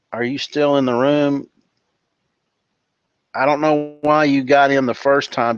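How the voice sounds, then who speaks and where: A man's voice: medium pitch, clear, resonant tone, no room sound, highs cut off. A man hosting a live online webinar, casually reading out viewer greetings and chatting, calling people brother and dude. He is from California. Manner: relaxed and chummy, calls people brother and dude. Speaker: webinar host.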